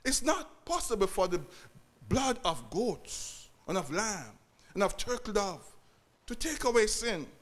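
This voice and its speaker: A man's voice: high voice, big pitch swings, unhurried, fairly bright tone. A man preaching a sermon to his congregation, repeating key phrases and calling out to the church. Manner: preaching with repetition and call-outs to the congregation.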